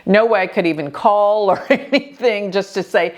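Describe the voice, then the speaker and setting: An older woman hosting an astrology show, telling a personal story in an earnest, expressive way. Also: mid-range voice, normal speed, few pauses. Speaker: astrologer host.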